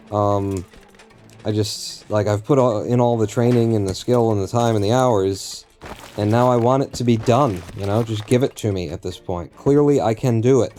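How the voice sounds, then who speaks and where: A man's voice: lowish voice, mellow. A man streaming a game live, talking to himself and the game in a rambling, profane way. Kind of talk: live gameplay commentary.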